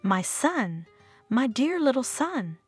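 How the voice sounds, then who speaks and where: A woman's voice: high voice, very animated, takes it slowly, husky, faint music behind, full character voice. A woman reading the lines of an anxious, emotional young mother in a story.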